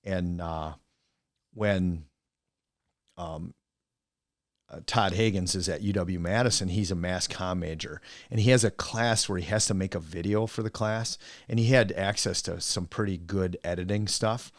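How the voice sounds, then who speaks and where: A middle-aged Wisconsin man who works as a coach and teacher guests on a casual podcast interview, spinning rambling stories and animatedly mimicking his friends. He has a low-pitched voice and a measured pace, in a dry, clean studio recording.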